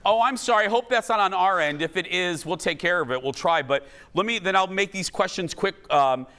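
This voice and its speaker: A man hosting a daytime TV talk show, chatty and animated with self-deprecating asides. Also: high voice, brisk. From family from the American South. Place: TV studio with live audience.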